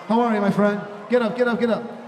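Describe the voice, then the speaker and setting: A young adult man hosting a big live event with a handheld mic, shouting playful banter to the crowd. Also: high voice, level tone, quick pace, background noise. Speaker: emcee of a large live event. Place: large indoor hall with a big audience. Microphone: handheld microphone. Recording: echoey hall, mic heard from far off, music and crowd behind.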